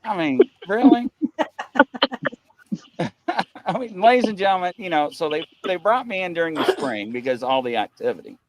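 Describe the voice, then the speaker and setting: A male host with a high, wildly swinging voice tells a camping story on a video call. He is excitable and laughs his way through the telling. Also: moderate pace, pauses often, no room sound. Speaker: show host. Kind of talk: animated storytelling chat.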